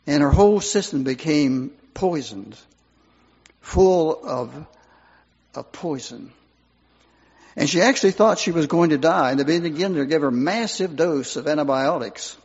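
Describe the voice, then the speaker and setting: An older male pastor delivers a eulogy with earnest, rising and falling emphasis. His voice is a little husky and sits at an ordinary pitch. It rings through a church with a long reverb, and the recording is slightly muffled. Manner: earnest, swelling and dropping for emphasis. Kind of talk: funeral sermon. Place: church sanctuary.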